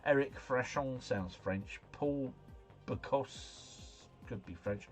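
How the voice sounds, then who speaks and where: A man's voice: medium pitch, slow. A man hosting a casual livestream, talking himself through answers in a chatty, slangy ramble. Faint music runs behind him. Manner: chatty, musing aloud, slangy. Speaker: livestream host.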